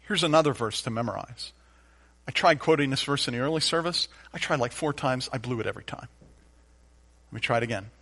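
A man preaching a sermon, acting out a doubting believer's complaints and then answering softly with calls to trust God. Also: medium pitch, brisk. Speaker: pastor.

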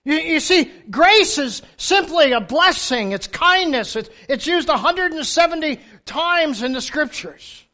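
An older man preaches to his congregation in a strikingly high, bright voice. His storytelling is animated and humorous, and he swings from soft asides to sudden loud bursts. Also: a little slow, hardly any pauses. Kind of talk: sermon. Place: church.

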